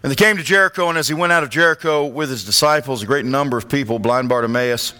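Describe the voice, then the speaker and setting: Bright-voiced man preaching a sermon. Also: medium pitch, fast talker. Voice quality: glasses-wearing reader of scripture. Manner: rises to loud impassioned calls when quoting.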